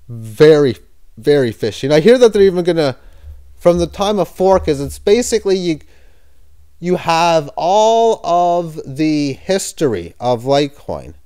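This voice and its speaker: In a smooth, warm voice that's a little high, a man hesitantly talks through cryptocurrency news on a screen share, full of fillers and self-corrections. His casual commentary leans skeptical and sometimes turns sarcastic.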